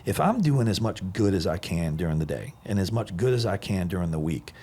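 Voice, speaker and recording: A man hosting a podcast, talking in a casual, energetic and upbeat way in a podcast room. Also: deep voice, fairly quick, husky. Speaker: podcast host.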